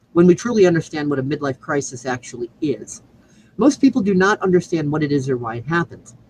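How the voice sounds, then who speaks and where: Preachy man with lively swings in pitch. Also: a little hiss or hum, poor audio. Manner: emphatic, preachy, profane. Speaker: show host. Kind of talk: scripted monologue.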